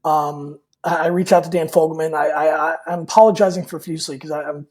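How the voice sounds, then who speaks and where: A man's voice: a little high, steady tone, quick pace, a little mellow. A man guest on a podcast telling a personal story in a candid, rambling way, full of fillers and repeated words. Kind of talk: casual storytelling in an interview.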